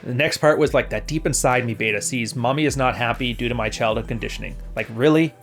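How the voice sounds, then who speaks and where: Blunt podcast host, male, mid-pitched, salty talk, light music bed. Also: quick pace. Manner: blunt and profane, mock-quoting others. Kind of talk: casual advice commentary.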